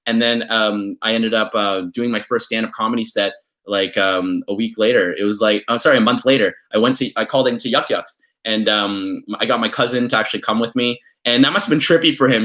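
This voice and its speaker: Young canadian guy vlogging, rambly story full of ums and likes, gets lively doing family voices. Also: medium pitch. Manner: rambling, filler-heavy, animated when quoting people. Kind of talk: casual storytelling.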